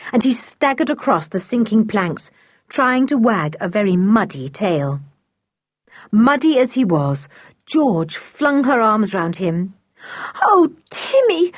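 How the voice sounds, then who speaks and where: Brief: woman storybook narrator, lively melodic reading, close and dry. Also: mid-range voice, no room sound. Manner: expressive reading. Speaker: audiobook narrator.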